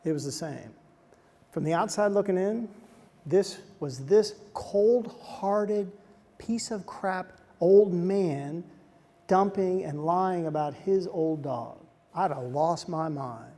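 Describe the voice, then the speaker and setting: Warm-voiced man in an echoing hall. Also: high-pitched, slow. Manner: animated, acts out quotes, drops to a soft hush for emotional moments. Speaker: speaker addressing soldiers. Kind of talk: motivational storytelling talk. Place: large hall on a military base. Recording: long reverb of a large hall.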